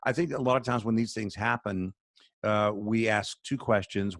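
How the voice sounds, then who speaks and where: A man's voice: lowish voice, moderate pace, a bit bright, dry recording, studio quality. A man who speaks for a charity, talking on a video call in an earnest, sermon-like storytelling way. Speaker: charity spokesman, radio guest.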